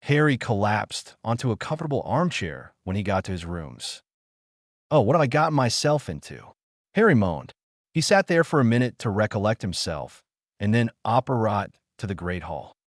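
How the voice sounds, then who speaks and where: Lively male storybook narrator. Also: lowish voice, normal speed, dry recording, clean studio sound. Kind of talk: scripted fan-fiction narration.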